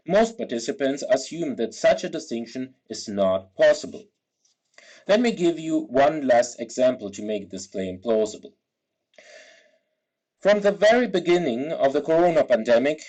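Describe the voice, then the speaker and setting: Man, academic talk, slightly higher voice, careful structured delivery. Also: a little mellow, low-quality recording. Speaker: lecturer.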